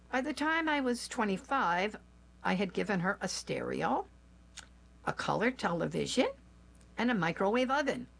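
A woman, likely older, telling a personal family story aloud in a slow, gentle, measured way. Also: medium pitch, creaky, husky.

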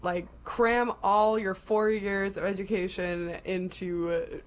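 In a relaxed podcast conversation, a woman with a middle-pitched voice explains things at length and in detail. Her speech is loose and peppered with "like," and she keeps a steady tone while taking it slowly.

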